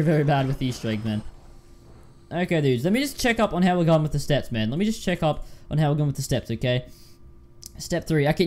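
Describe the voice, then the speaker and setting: Chatty gamer guy, slightly high voice. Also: darkish tone. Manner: repeats phrases, calls listeners dude and man. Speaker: gaming YouTuber. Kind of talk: casual gameplay commentary.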